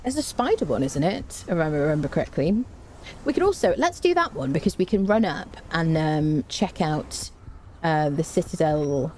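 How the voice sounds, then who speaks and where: A woman streams a survival game and chats casually to her viewers, humming and singing little tunes as she plays. She's excitable and quickly jumps high in pitch. There's slight background noise.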